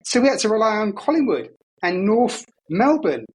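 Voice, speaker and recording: Slightly husky male co-host. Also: sits high, very animated, moderate pace, poor audio. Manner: conversational, jokey, self-deprecating. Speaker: podcast co-host, data pundit. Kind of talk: casual chat. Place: travelling abroad.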